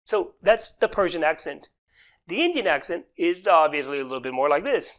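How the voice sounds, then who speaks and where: Rambling high-voiced male comedy host. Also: moderate pace, over loud music. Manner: rambling, animated, self-interrupting. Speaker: comedy business news host. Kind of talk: freestyle comedic commentary.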